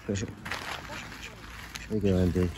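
A man with a lowish voice chats unhurriedly to the swans he feeds, coaxing them by name. He is outdoors by a lake, and plenty of outdoor noise runs under his voice. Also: flat delivery, slow pace, dark tone. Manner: chatty, coaxing, talks to the birds by name. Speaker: vlogger feeding swans. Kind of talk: casual talk to birds on camera. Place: outdoors at a lakeside. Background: outdoor ambience with ducks and swans.

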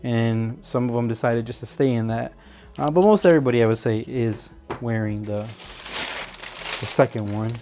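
A man's voice: mid-range voice, normal speed, music in the background. A man casually reviewing and unboxing football boots, rambling with many fillers and restarts. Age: adult. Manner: rambling, self-correcting, hesitant fillers.

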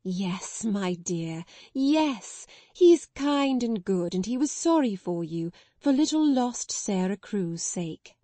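A woman voicing a gentle, soothing mother. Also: mid-range voice, expressive, dry recording. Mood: tender. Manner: soothing, slow and kind.

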